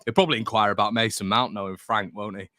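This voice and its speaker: Young male stream host, low and bright voice, dry close sound, casual and opinionated. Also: fairly even intonation, quick pace, dry recording. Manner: chatty, reads out viewer comments, opinionated. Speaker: fan channel host. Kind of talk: casual live-stream chat.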